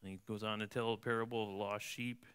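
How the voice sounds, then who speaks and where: Man, pastor, sermon, bright voice, smooth and resonant, conversational preaching. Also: lowish voice, little pitch movement, fast talker. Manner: conversational preaching, tags lines with "right?". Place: church.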